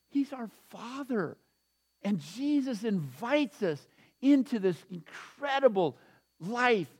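High-voiced animated man preaching. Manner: animated, laughs often, repeats phrases. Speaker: pastor. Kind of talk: sermon.

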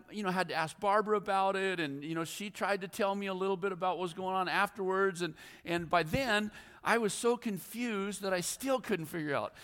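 High-voiced male pastor in a reverberant hall. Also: fairly bright tone. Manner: rambling, self-deprecating storytelling with many fillers and restarts. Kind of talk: sermon. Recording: long reverb of a large hall.

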